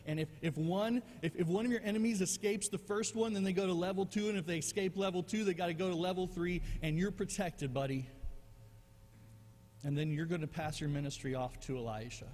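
A preacher voicing God, gently questioning. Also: male voice, high-pitched, a little fast, in a large hall, a little hiss or hum, lightly acted. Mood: reassuring. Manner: gently questioning, repeating himself. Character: God, calm, patient male divine voice.

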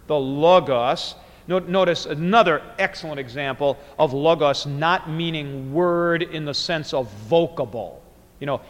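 Male Greek grammar teacher, slow digressive lecture, hall echo. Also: fairly high pitch, fairly bright tone. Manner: digressive and explanatory, with frequent fillers and restarts. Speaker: Greek New Testament teacher. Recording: long reverberant hall.

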